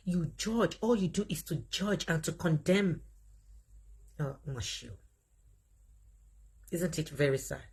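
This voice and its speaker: Husky Nigerian woman hosting a live chat. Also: fairly low pitch, moderate pace, few pauses. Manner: animated, talks straight to viewers, laughs often. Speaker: livestream host. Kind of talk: live commentary, reading viewer comments.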